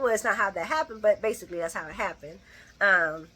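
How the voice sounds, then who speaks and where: A middle-aged woman gives her viewers a chatty soap opera recap, acting out the characters' lines and laughing often. She talks fast at medium pitch. The recording is very noisy.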